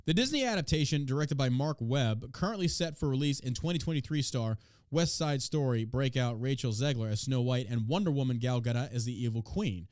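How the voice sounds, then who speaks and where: A man's voice: medium pitch, animated, brisk, a little mellow, no room sound, clean studio sound. A man hosting a podcast in casual chat, brash, profane and mocking as he reacts to the news and to his chat. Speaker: podcast host.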